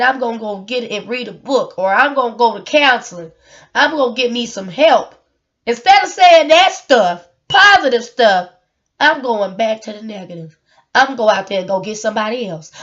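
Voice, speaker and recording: Woman, AAVE speaker, vlog monologue; earnest and emotional, full of repeats and rhetorical questions, slightly high voice, lo-fi recording. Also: a bit bright. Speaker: single mother sharing her story.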